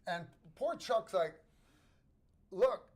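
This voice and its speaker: Host, male, American, slightly high voice, halting casual storyteller. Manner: rambling, halting storyteller with many restarts.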